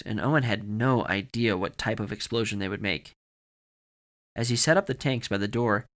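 A man's voice: lowish voice, fairly bright tone. A man narrating a horror story for a podcast with dramatic, varied delivery.

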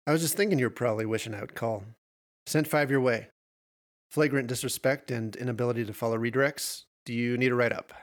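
A man's voice: mid-range voice, a little fast, close to an everyday voice. A man voicing a harried, weary school counselor who talks sternly and gets flustered. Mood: dry.

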